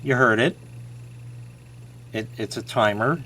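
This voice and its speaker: A man's voice: medium pitch, slow pace, bright, forceful tone. A man casually showing an old gadget on camera, joking and mocking himself as he rambles. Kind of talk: casual show-and-tell.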